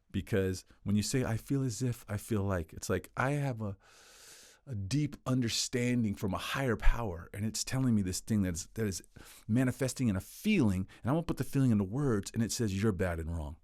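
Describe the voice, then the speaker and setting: A man explains communication skills in a casual, animated style, acting out example quotes with playful voices. His voice sits on the low side and moves briskly, recorded in studio quality with no room sound.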